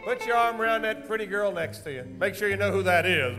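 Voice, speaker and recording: A man hosting a live stage comedy show, folksy and teasing, loudly acting out bits for the audience. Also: high-pitched, animated, fast. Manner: loud, folksy, teasing, acts out bits for the crowd. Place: stage of a large indoor comedy theater. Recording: live venue with band music and crowd noise.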